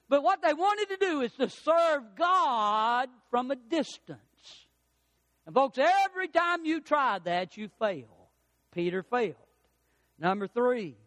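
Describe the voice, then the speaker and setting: A man preaching a sermon, telling stories and acting out what people say. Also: very high-pitched. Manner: animated storytelling preacher, acts out voices. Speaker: pastor. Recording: dry with long hall reverb.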